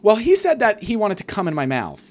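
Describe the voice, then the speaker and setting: A man's voice: sits high, wildly swooping pitch, brisk, a little mellow, pitched above the performer's own voice. A man doing a whiny teenage mobster's daughter. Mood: uneasy. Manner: whiny, pleading.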